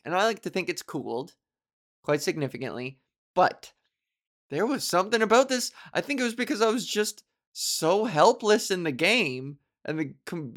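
A young woman hosting a solo podcast, chatting casually in a rambling, profane, self-mocking way and laughing often. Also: deep voice. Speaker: podcast host.

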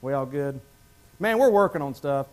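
A man's voice: medium pitch, animated, normal speed. A male pastor preaching a sermon in a church, talking conversationally and asking the congregation questions.

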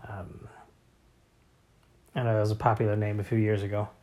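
A man's voice: on the low side, little pitch movement, moderate pace, a little mellow. A man in his thirties, a father, talking casually about his family in a rambling way with many fillers and restarts. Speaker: father of young boys. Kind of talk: casual family vlog talk.

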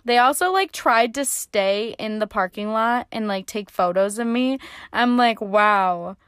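A woman's voice: on the high side, measured pace, a bit bright, clean tone, no room sound, studio quality. A young woman casually telling a story in a chatty, sarcastic way, swearing freely. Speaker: vlogger.

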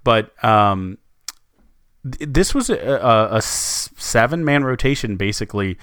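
Guy with a lowish voice chatting hoops on a podcast, lots of ums and restarts, dry close mic. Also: lively intonation, measured pace, fairly bright tone, clean tone, no echo. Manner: rambling, many fillers and restarts. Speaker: sports podcast co-host. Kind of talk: casual sports chat.

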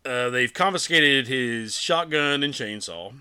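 A man co-hosting a podcast, retelling a film scene by scene in a rambling, animated way. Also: mid-range voice, measured pace, clean tone. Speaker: podcast co-host. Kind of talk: casual chat recapping a film.

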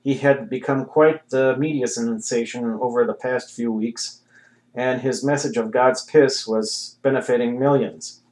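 Deadpan male audiobook narrator. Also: mid-range voice, a little slow, low-quality recording. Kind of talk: audiobook reading.

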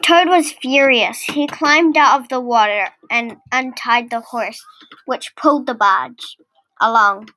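Slow, high-voiced woman reading a children's story. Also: a little hiss or hum. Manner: gentle, deliberate storybook reading.

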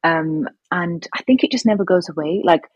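A woman's voice: on the low side, normal speed, darkish tone, slightly rough, no echo, highs cut off. A young woman from England chatting casually as a podcast guest, hesitant with many ums and restarts. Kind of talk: casual conversation.

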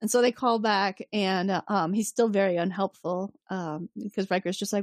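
A woman on a podcast walks through a plot in a loose, animated way. She slips into little character voices and swears freely. Her voice sits in a middle range, and the sound is dry and close to the mic. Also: mid-range voice, fairly quick, no echo. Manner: animated storyteller, acts out characters' lines, swears casually. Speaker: podcast co-host. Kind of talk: casual recap chat.

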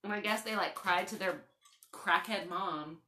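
Bright-voiced young woman in an echoey room. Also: medium pitch, measured pace, slight background noise. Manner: animated storytelling, laughs often, swears freely. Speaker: podcast host. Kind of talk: casual chat.

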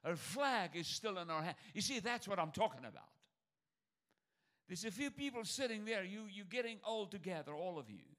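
A man with a high-pitched, very animated voice preaches a sermon at a moderate pace. He presses his points through repetition and calls on the church, swinging between loud calls and near-muttered asides.

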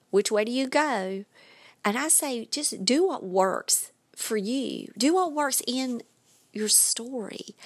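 A woman hosting a podcast, giving casual, emphatic writing advice with quick asides. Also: on the high side, no room sound. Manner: chatty, emphatic, with dropped asides. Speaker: podcast host and writing coach.

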